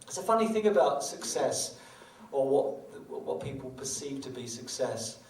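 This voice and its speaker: A man's voice: mid-range voice, big pitch swings, moderate pace, a little mellow, recorded from a distance, slight background noise. Wry middle-aged man chatting on stage. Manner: chatty, wry, self-mocking storytelling. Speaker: guitarist performing live. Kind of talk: on-stage patter between songs. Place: small concert venue on stage. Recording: echoey venue from afar with guitar.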